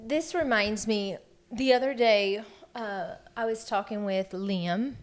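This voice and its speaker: A woman in her thirties co-hosting a podcast, telling family stories in casual chat, animated and given to laughter. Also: medium pitch, slow pace. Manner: animated, acts out quotes with laughs. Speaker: podcast co-host.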